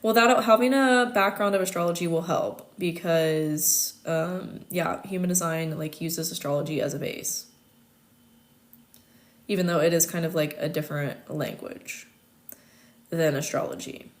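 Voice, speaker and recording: A woman's voice: on the low side, steady tone, a little slow. A young American woman with an American accent, hosting a casual livestream chat, talking chattily with many fillers and frequent laughs. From United States. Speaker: host.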